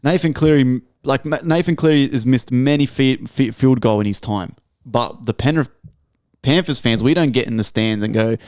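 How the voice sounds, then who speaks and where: A man's voice: medium pitch, moderate pace, a little mellow, clear, resonant tone, no room sound, studio quality. A man co-hosting a casual podcast chat, loose and blunt, swearing freely. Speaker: podcast co-host.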